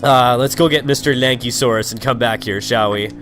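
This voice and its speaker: A man's voice: mid-range voice, brisk. A young man from Canada giving rambling, casual commentary while playing a video game, filling his talk with "like" and the odd swear word. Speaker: let's play commentator. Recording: faint game music behind.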